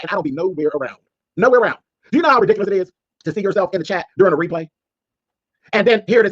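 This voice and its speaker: A man's voice: high voice, husky, highs cut off. A man delivering a sassy, scolding call-out rant as a streamer, mocking his target. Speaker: commentary streamer.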